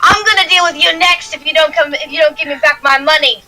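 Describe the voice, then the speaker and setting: Tough little armored dwarf woman, gruff and menacing, high-pitched, as a woman puts her on. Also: fast, pushed and bright, poor audio. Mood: threatening. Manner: gruff, threatening, bossy.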